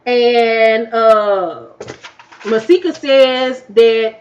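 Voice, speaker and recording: A woman recapping a reality TV episode in a blunt, profane, animated way, her voice getting worn from talking all afternoon. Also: on the high side, extremely slow, a little hiss or hum. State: losing her voice. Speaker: YouTube reviewer. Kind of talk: casual TV recap.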